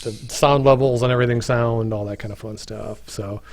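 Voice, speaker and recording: A man hosts a casual livestream about game development. He rambles, restarts his sentences and fills pauses with "uh" and "like", in an ordinary mid-range voice. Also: mid-range voice, fairly even intonation. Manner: rambling, full of fillers and restarts.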